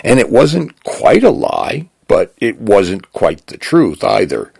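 Deep gravelly male storyteller. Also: huge pitch swings, slow, darkish tone, dry recording. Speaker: narrator. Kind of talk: scripted narration.

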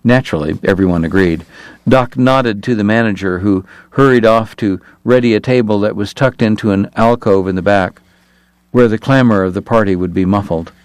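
A male audiobook narrator reading a historical novel in steady scripted narration. His voice sits low, and the recording is dry and close with no room sound. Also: normal speed, no room sound.

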